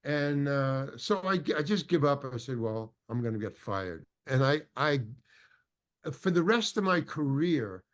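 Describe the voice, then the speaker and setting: An older actor, appearing as an interview guest, tells a long, rambling anecdote with many restarts and acts out the quoted dialogue. His voice is a little high and unhurried.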